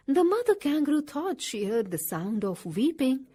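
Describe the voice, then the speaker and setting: A woman reading a children's story aloud in an expressive, sing-song way. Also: sits high, normal speed, few pauses.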